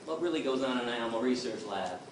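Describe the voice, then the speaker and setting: A middle-aged activist gives an impassioned, emphatic talk to a crowd, telling his own story. His medium-pitched voice moves fast with lively intonation, captured from a distance in an echoey, noisy room.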